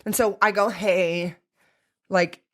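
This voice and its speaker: Young woman, podcast co-host, candid, profane, animated, mid pitch. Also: slow pace. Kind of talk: casual chat, storytelling.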